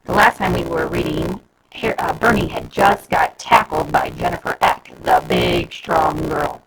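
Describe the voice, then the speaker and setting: A woman reading a children's chapter book aloud in an expressive way, with background noise. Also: low voice, unhurried, vocal fry. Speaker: reader.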